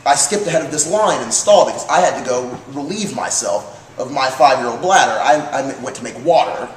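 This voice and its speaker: Co-hosting a casual comedy chat show, a man with a mid-range voice talks fairly quickly and with energy. He's brash and profane, rambling through stories, and the roomy, distant mic adds light hiss.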